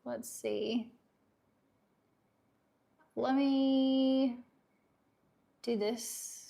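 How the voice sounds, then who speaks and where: A woman with a light Southern accent and a somewhat high voice chats through a livestream. She keeps things upbeat and easygoing, laughing easily as she reads out viewer comments. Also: steady tone, drawn-out words, vocal fry, dark tone. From Tennessee, USA. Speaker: livestream host. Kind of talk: casual livestream chat.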